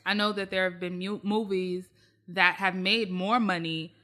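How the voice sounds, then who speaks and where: An unhurried woman with a fairly low voice co-hosts a podcast, chatting with animation and emphasis about pop-culture news and repeating phrases to stress them.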